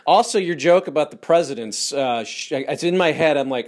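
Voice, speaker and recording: A man's voice: on the high side, animated, normal speed. Stammering male interview host. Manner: hesitant, stammering, friendly. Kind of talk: casual interview chat.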